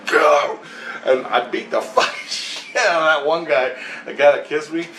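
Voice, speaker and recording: A man's voice: a little high, normal speed, fairly bright tone. A man telling a long dream story in a profane, rambling way, laughing between phrases. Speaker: vlogger recounting a dream. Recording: roomy echo, far from mic, faint hiss.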